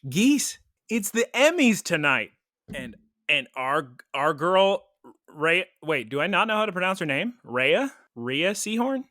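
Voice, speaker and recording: Animated, chatty woman podcast co-host. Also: lowish voice, a little slow, no room sound, clean studio sound. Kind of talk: casual chat.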